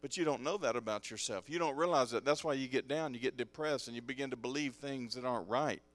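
A man's voice: mid-range voice, fast talker, fairly bright tone. A male pastor preaches a sermon to his congregation, calling out for responses and mixing in jokes and casual asides. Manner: joking, conversational asides. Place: church sanctuary with congregation.

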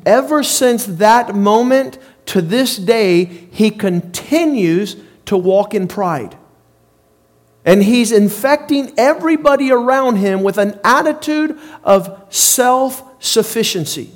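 A man's voice: high voice, animated, slow. A man preaching a sermon in an emphatic, repetitive way.

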